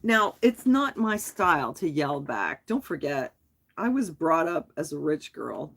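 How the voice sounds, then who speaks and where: A woman vlogger talking casually on a live stream, telling a story in a rambling, animated way with frequent restarts. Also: sits low, a little slow, vocal fry, husky. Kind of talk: casual chat.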